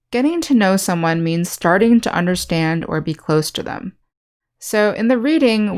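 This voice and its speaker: A woman English teacher giving a scripted online speaking lesson, explaining slowly and clearly with example sentences. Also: on the low side, a little mellow.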